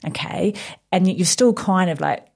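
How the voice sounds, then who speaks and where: Low gravelly woman, loud and animated. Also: normal speed. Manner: loud, animated, bursts of laughter. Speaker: business owner guest. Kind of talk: casual radio chat.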